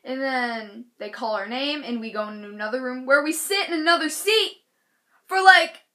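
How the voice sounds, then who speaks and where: A young woman tells her story in a loose, chatty way and keeps reaching for filler words. Her voice sits a little high and has a bright, sharp edge. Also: brisk. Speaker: vlogger. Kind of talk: casual storytime.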